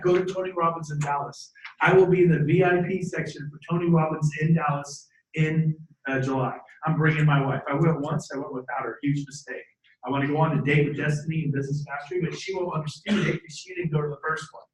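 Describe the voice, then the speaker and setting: A man in his fifties giving an energetic motivational talk to a live audience, preachy and animated, with sudden shouted bursts and jokey asides. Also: sits high, brisk. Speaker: motivational speaker at a team training event. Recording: echoey room from a distant mic.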